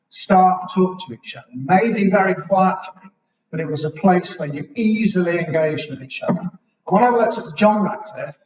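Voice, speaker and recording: A British man in his sixties giving a reflective public talk at a local history evening, halting now and then with ums. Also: high voice, darkish tone. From Britain. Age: 60s. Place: chapel hall. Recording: echoey chapel, mic at a distance.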